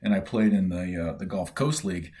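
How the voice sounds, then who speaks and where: This is casual storytelling from a former professional baseball player, a middle-aged man from Canada appearing as a guest on a podcast. His voice is very deep and his pace fairly brisk; he spins laid-back tales packed with filler words and performs the voices of those he quotes.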